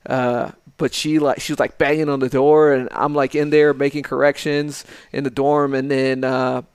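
A man's voice: mid-range voice, level tone, normal speed, smooth, no room sound, clean studio sound. A man who is a former military training instructor, talking bluntly with plenty of swearing and laughter in casual podcast chat. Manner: blunt, profane, laughs often.

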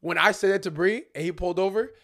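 Fast-talking young man spinning a story. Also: sits high. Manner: animated, acts out friends' voices, slangy. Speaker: podcast co-host. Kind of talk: casual storytelling chat.

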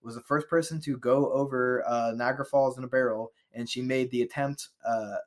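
A man's voice: medium pitch, steady tone, a little fast. Laid-back guy reading trivia. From United States. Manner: loose, laughing, trailing off into fillers. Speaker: podcast co-host. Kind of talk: casual chat, reading history facts.

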